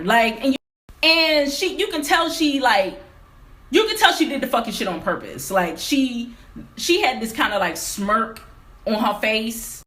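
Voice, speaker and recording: In a casual at-home vlog shot in her game room, a young adult woman tells a story, ranting emphatically and swearing a lot. Her voice is fairly high and unhurried, and her delivery is animated and profane.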